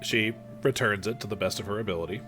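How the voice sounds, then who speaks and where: A man's voice: fairly low pitch, fast, pushed and bright, faint music behind. A man running a tabletop game as game master, narrating with stammering restarts.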